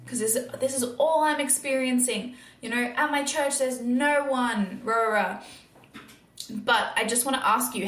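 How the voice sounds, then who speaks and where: A woman's voice: a little high, normal speed, fairly bright tone, roomy sound. A woman hosting a casual faith-based podcast monologue, earnest and encouraging, with lots of filler words. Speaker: podcast host.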